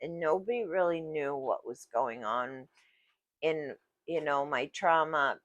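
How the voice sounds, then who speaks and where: A woman vlogger talking about her life in a casual, reflective monologue, halting and searching for words, recorded on a phone. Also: low-pitched, no echo, lo-fi sound. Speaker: vlogger sharing personal story.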